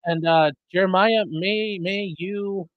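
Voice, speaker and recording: A man's voice: high voice, fairly even intonation, takes it slowly, no room sound, phone-quality sound. A man hosting a live stream, casually chatting and answering viewers' comments. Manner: chatty, rambling, fixing mic settings mid-stream. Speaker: livestream host reading chat. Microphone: streaming desk mic.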